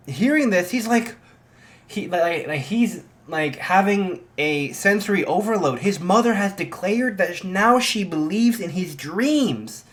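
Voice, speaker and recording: A man's voice: high-pitched, animated, measured pace. A man casually telling a fan story, rambling with many "like" fillers.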